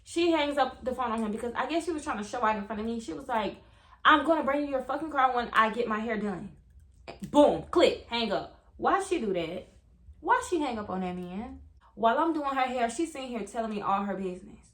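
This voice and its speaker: Animated high-voiced young woman storyteller. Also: brisk, reverberant. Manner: animated, profane storytelling, addresses viewers as y'all. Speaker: hairstylist. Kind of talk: storytime vlog.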